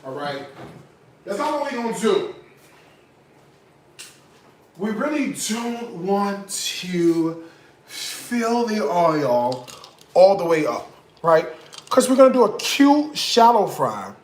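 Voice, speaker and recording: A man's voice: sits high, big pitch swings, slow, pauses often, echoey room, slight background noise. A man hosting a casual home cooking tutorial in his kitchen, sassy and profane, tipsy from liquor as he rants about bad food. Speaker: home cook, cooking show host.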